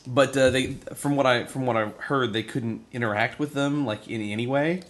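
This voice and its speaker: A man's voice: medium pitch, steady tone, normal speed. A man who is a guest on a podcast, talking in an enthusiastic, chatty way about films and correcting himself as he goes. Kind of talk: casual podcast chat.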